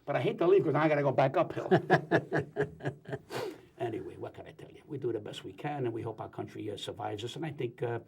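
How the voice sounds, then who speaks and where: A man talking as a guest on a talk show, telling jokes and opinions in a rapid, wisecracking way. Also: medium pitch, lively intonation, vocal fry, a little mellow, a little hiss or hum. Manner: rapid, joking, wisecracking storyteller. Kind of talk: animated talk show banter.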